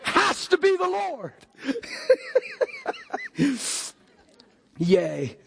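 High gravelly older preacher man. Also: huge pitch swings, drawn-out words, slight background noise. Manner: preaching with sudden shouted outbursts. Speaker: pastor. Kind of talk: sermon.

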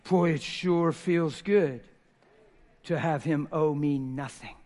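A middle-aged man preaching a sermon in church, telling a story with emphasis and dropping from loud to hushed. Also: on the high side, slow pace. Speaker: pastor. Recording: long reverb in a church hall.

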